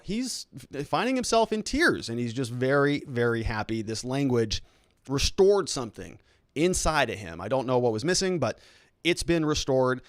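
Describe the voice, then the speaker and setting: A man's voice: mid-range voice, dry recording, studio quality. A man hosting a legal and political commentary show, talking casually with a sarcastic edge. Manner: sarcastic, mocking quoted reactions in put-on voices.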